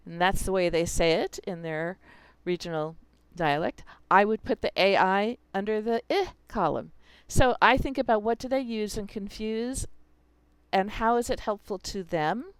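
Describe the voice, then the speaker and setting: A woman's voice: mid-range voice, unhurried, clear, resonant tone, no echo. A woman teacher explaining how she teaches spelling, talking through her students' examples as she goes. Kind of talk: instructional video.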